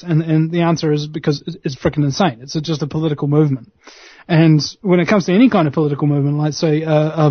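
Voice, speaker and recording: A man's voice: fairly high pitch, no room sound. A male talk radio host rambling through an opinionated monologue, full of fillers and restarts. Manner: opinionated ranting. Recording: slightly muffled radio broadcast.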